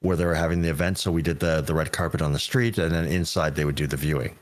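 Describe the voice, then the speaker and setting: Man, very low voice, touring stage tech, casual and foul-mouthed. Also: fairly even intonation, fast. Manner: swearing, laid-back anecdotes. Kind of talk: casual podcast chat.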